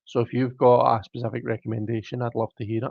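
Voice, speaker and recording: Gravelly British man chatting on a livestream. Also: mid-range voice, little pitch movement, fast, no room sound, dull audio. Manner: chatty, self-mocking, laughs often. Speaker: livestream host. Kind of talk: casual live chat reading viewer comments.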